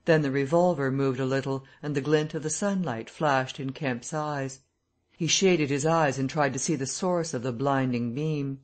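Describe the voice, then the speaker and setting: A man reading a classic novel aloud as an audiobook narrator, in a steady, measured way. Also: mid-range voice. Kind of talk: scripted narration.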